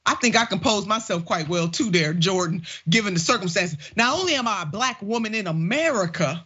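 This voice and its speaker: A middle-aged woman hosting a political talk show from a studio, speaking with fired-up, animated conviction. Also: medium pitch, fairly quick, hardly any pauses, breathy edge. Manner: impassioned, animated, preacherly emphasis. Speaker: show host. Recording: dull lo-fi studio audio.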